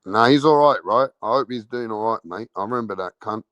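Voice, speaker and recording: A lowish, fairly bright voice, a little fast and dryly recorded, comes from a London boxing channel host on a livestream. He is brash and uses slang, swearing and repeating himself while he calls questions out to his chat and waits for answers.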